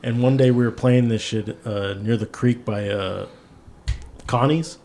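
A man's voice: mid-range voice, a little slow, mellow, a little hiss or hum. A man telling family stories in a casual podcast chat, swearing and laughing.

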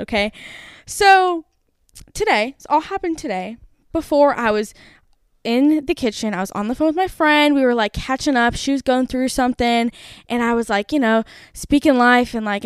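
A young woman in her twenties hosting a podcast, telling a story in a lively rush full of fillers. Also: high voice, clear, resonant tone, no echo, studio quality. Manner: animated, breathless, full of "like" fillers. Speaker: podcast host. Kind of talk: casual storytelling.

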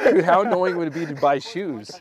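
A young man co-hosting a podcast, riffing with quick jokes and puns in casual chat. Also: a little high, crowd noise. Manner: jokey, quick riffs and puns. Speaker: podcast co-host.

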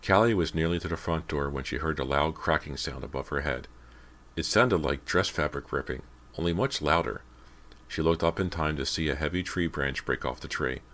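A man narrates an audiobook in an extremely deep, low voice. His reading is measured and steady throughout. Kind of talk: scripted narration.

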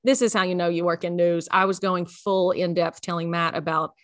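A young adult woman co-hosting a podcast, chatting casually and telling animated stories with voiced quotes. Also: fairly low pitch, brisk, no room sound, clean studio sound. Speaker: podcast co-host. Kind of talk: casual chat.

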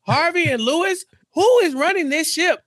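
A man's voice: very high voice, expressive, moderate pace, fairly bright tone, no room sound, studio quality. A man co-hosting a podcast, chatting casually and animatedly, acting out characters' lines as he recaps a TV episode. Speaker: podcast co-host.

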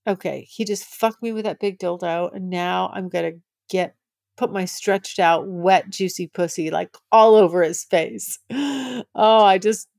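A woman's voice: fairly low pitch, steady tone, measured pace, creaky, a little mellow, no room sound, clean studio sound. A woman hosting a podcast, frankly telling a personal story, gushing and laughing often. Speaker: podcast host.

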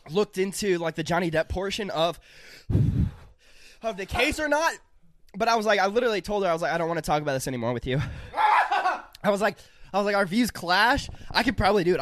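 A young man co-hosting a casual podcast, loud and swearing with laughter. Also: high voice, brisk, long pauses, dry recording. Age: young adult. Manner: loud, swearing, laughing while eating hot sauce. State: gasping from spicy food. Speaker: podcast co-host. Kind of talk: casual chat.

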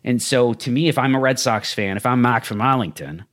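A man hosting a casual sports talk conversation, speaking in a measured, analytical way. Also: medium pitch, fairly bright tone.

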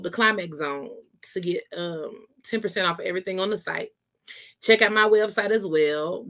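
Woman podcast host, casual and low-energy, chatty with easy laughs. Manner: laid-back, chatty, laughs often. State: tired, low energy after a workout.

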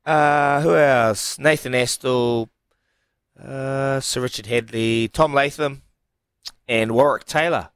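A New Zealand man with a middle-pitched voice chatting upbeat on radio. The sound is dry and close, with no room around it. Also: steady tone, slow, clean tone, no echo. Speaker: radio co-host. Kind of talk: casual chat.

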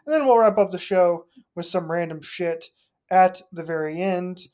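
A co-host of a casual sports podcast, easygoing and amused, laughing along. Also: male voice, high voice, moderate pace, a little mellow. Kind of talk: casual chat.

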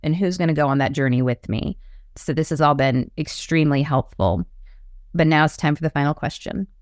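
Low-voiced chatty woman host. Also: fairly quick, a little mellow, no room sound, clean studio sound. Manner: chatty, uses many fillers. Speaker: podcast host. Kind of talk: casual interview chat.

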